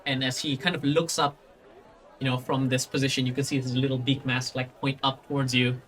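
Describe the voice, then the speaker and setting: A man narrates a fantasy tabletop adventure as game master. His talk is rambling and loose, full of fillers and restarts, at an ordinary pitch. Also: little pitch movement, brisk, a bit bright, some chatter behind.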